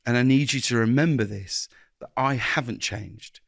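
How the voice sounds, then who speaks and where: A man's voice: mid-range voice, normal speed, creaky, no echo, studio quality. A man, a guest speaking earnestly in an interview, often restarting his sentences and acting out little exchanges of dialogue. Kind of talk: reflective interview conversation.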